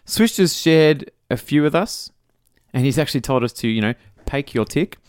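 A man's voice: a little high, lively intonation, moderate pace, clean tone, no echo, clean studio sound. A middle-aged Australian man co-hosting a casual podcast, joking and reading out listener messages. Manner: jokey, reads out listener messages. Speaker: podcast co-host. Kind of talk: casual chat.

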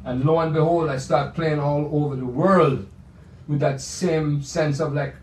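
An older man tells stories from his life in a playful, rambling way, often circling back on a word before landing it. His voice sits a bit high. He sounds set back from the mic in an echoey room. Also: fairly even intonation, unhurried, a little mellow, distant mic, a little hiss or hum. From Jamaica. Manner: playful, rambling storyteller with repeated restarts. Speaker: pianist. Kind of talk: reminiscing monologue.

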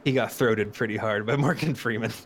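A man's voice: on the low side, fairly quick, a little hiss or hum. A man co-hosting a podcast in casual chat, ranting in a sarcastic and profane way. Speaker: podcast co-host.

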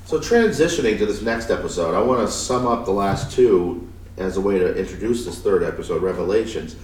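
Male co-host, lowish voice, casual rambling episode review, sits back from the mic in a reverberant room. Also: expressive, a little fast, far from the mic. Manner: rambling, trails off and restarts. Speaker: podcast co-host. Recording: echoey room, off-mic, faint noise.

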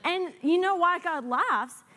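A guest preacher, a woman with a high voice, delivers a highly energetic sermon, shifting between earnest urging and playful, sarcastic asides. Her tone is bright and forceful, and she takes her time.

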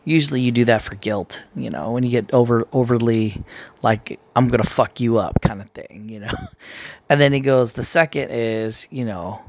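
A man's voice: medium pitch, moderate pace, a little hiss or hum. A man giving casual commentary in a blunt, profane way, rambling and restarting his sentences as he goes. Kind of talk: casual opinion rant.

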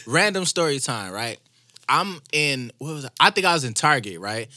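Young guy on a podcast telling a story, bright voice that jumps all over, dry close mic. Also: medium pitch, moderate pace, no echo. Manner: animated storyteller, acts out quotes, swears freely. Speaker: podcast co-host. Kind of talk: casual storytelling chat.

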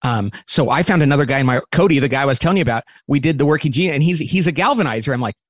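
A man who runs a company, talking as an interview guest and lively acting out quoted remarks as he explains a model. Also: mid-range voice, very fast, no room sound. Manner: animated, acts out quotes in different voices; repeats words when restarting.

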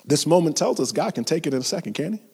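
A man preaching a sermon in a lively, conversational way, slipping into playful voiced asides and sudden loud emphasis. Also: a little high, fast talker, breathy edge, big-room sound.

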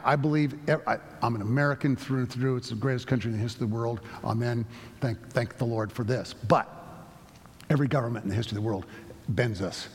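Husky-voiced male pastor in reverberant sanctuary. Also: mid-range voice. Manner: storytelling, conversational with many restarts. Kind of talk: sermon. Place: church sanctuary. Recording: long reverb of a church sanctuary.

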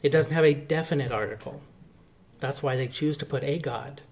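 A man's voice: medium pitch, moderate pace, a little mellow, slight background noise. A male pastor preaching a sermon, explaining a point of scripture in an earnest, teaching manner.

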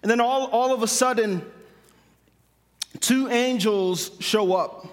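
A man's voice: very high-pitched, takes it slowly. A man preaching a sermon emphatically, repeating phrases for stress. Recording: long hall reverb.

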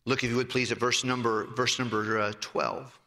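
A man's voice: mid-range voice, level tone, moderate pace, bright, forceful tone, long reverb tail. A man preaching a sermon, retelling scripture vividly and reading in old-style biblical phrasing.

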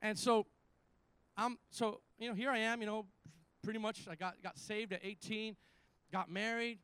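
High-voiced animated preaching pastor. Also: male voice, normal speed, clean tone, dry recording. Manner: animated storytelling with call-and-response. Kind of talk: sermon.

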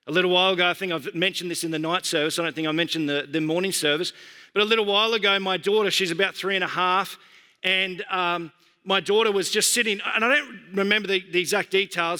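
Bright-voiced man preaching in a reverberant church. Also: high voice. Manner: earnest, conversational preaching with slowed emphatic phrases. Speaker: pastor. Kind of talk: sermon.

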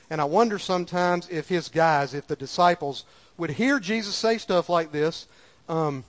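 A man preaching a sermon in a folksy, conversational way, repeating lines for emphasis. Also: high-pitched. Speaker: pastor.

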